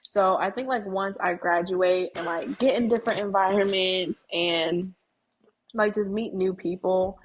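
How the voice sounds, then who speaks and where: A woman's voice: medium pitch, steady tone, unhurried, slightly rough, poor audio. A young woman in her twenties, a graduating student and interview guest, talking candidly and peppering her stories with "like". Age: 20s. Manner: candid storytelling, frequent "like". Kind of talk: casual interview.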